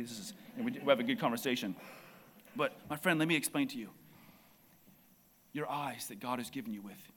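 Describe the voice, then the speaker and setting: A man preaching a sermon in church, impassioned and building to near shouts. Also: mid-range voice, a little hiss or hum.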